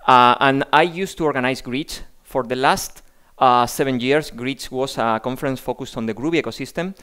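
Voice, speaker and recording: A man's voice: mid-range voice, fairly bright tone, smooth. Man giving a tech talk. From Spain. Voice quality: halting, repeats words. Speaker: conference speaker.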